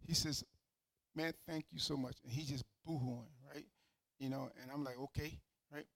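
A man's voice: fairly high pitch, steady tone, normal speed, creaky, fairly bright tone, no room sound, low-quality recording. A man preaching a sermon as pastor, telling a personal story in a conversational way and building to emphatic preaching.

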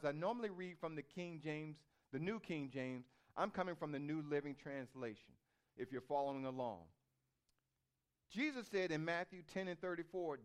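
A man preaches a sermon in a notably high voice. He reads scripture in between, then stacks up repeated questions and phrases as he builds toward fervent emphasis. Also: a bit bright, clear, resonant tone. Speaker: pastor.

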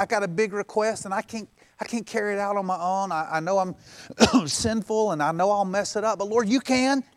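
Man, pastor, sermon, fairly high voice, swings from hushed to fervent, dry sound. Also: no echo. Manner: builds from quiet to impassioned, pleading repetition.

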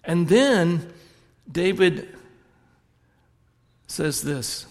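A man delivers a sermon in a church sanctuary, his voice sitting a little higher than most men's. He tells stories, swinging between quiet, reflective passages and lively, animated moments. A long reverb trails each phrase. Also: extremely slow. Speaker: pastor.

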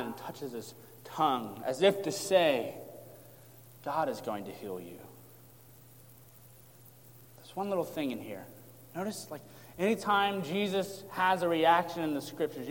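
A man preaching an expository sermon, calm as he explains and rising to impassioned emphasis. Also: mid-range voice. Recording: long hall reverb.

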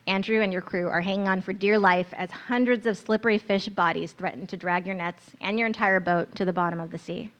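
A woman narrating a guided scripture meditation in the second person, in an earnest, storytelling manner. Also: on the low side.

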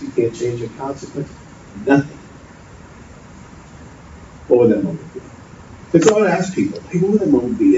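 A man preaching a sermon, earnest and storytelling, often repeating himself. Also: mid-range voice. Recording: distant, dull, noisy echoey hall.

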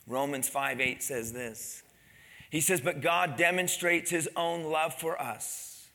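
High, bright-voiced pastor preaching a sermon. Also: male voice, slow pace. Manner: asks the congregation questions and calls for amens; drops to a soft, low delivery at the end of phrases. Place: church.

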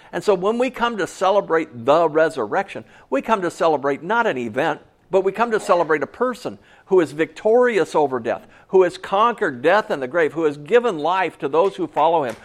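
Guy preaching in church, kinda high voice, lively, cracks jokes at the crowd. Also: fairly quick, hardly any pauses. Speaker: pastor. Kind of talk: sermon.

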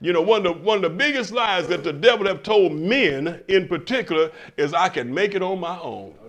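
Older guy preaching in church, high voice, keeps restarting words then booming out, asks the crowd questions. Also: animated, fairly quick. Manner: call-and-response, stammering restarts, emphatic swells. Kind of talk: sermon. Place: church in front of a congregation.

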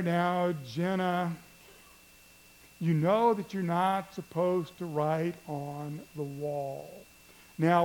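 A man's voice: high voice, darkish tone, poor audio. A man preaching a sermon, telling a story in a conversational way and asking the congregation questions. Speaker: pastor.

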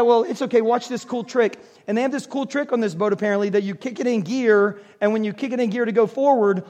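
This is an animated preacher who tells his story with acted-out voices and quick laughs. His voice sits high for a man. He delivers a sermon full of energy. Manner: animated storyteller, acts out dialogue, laughs often. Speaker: pastor.

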